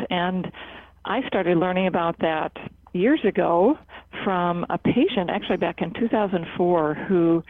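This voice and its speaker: Over a dry, tinny line that sounds like a phone, a psychotherapist leading a cancer center's laughter club responds to interview questions. The mid-range voice carries no room sound, and the answers are earnest and measured, full of fillers and restarts.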